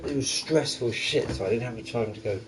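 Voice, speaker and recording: A young man chatting casually and profanely about video games, rambling and animated. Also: mid-range voice, fast talker, slight background noise, poor audio. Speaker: gaming channel streamer.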